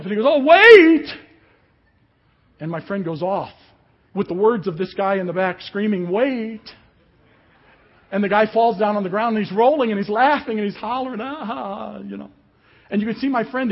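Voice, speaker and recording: Husky guy preaching, kinda high voice, acts out the story, muffled recording. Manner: animated storytelling, acts out quotes. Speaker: pastor. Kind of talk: sermon.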